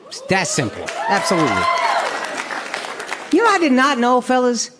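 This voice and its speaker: American man, stand-up comedian, brash and profane, high lively voice, loud audience laughter, clear room noise. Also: moderate pace. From Texas. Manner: brash, profane, animated crowd work. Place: comedy stage before a live audience. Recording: live stage recording with audience.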